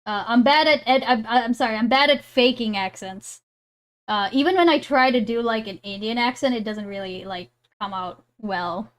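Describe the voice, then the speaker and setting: A woman's voice: on the high side, normal speed, fairly bright tone. A woman streamer chatting casually and laughing while reacting live. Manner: giggly, rambling, self-deprecating.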